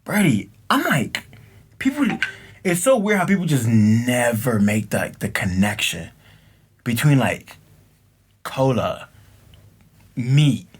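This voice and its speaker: A podcast co-host with a husky, mid-range voice talks slowly and leaves long pauses. He tells stories in a casual, slang-heavy chat, animatedly acting out both sides of the exchanges he quotes.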